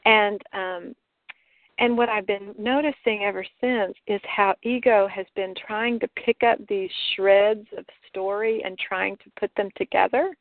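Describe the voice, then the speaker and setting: A woman talking reflectively in a casual conversation, halting and restarting, with light laughs. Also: medium pitch, steady tone, dry recording. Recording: tinny phone line.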